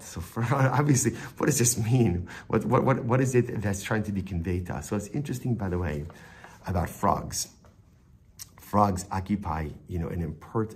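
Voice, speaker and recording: A man's voice: low-pitched, darkish tone, breathy edge. A man giving a Torah lesson as a rabbi, telling the story with Hebrew phrases woven in and often repeating words as he thinks.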